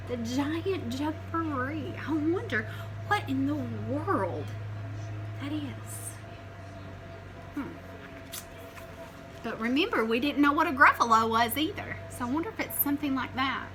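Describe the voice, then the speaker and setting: High, lively woman reading to children. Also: a little slow, pauses often, noisy background. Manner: animated, asks the listeners questions. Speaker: teacher reading aloud. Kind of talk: picture-book read-aloud to children.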